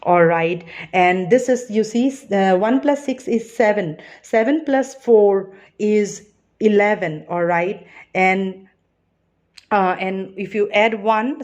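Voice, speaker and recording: A woman's voice: mid-range voice, a little mellow. A woman giving a tarot card reading, chatty and earnest, full of "you know" and "all right". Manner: earnest and reassuring. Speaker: tarot reader.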